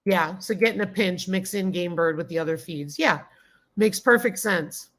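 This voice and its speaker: A woman with a lowish voice hosts a casual live stream at a moderate pace. She greets viewers by name, reads chat comments aloud, and gushes with gratitude.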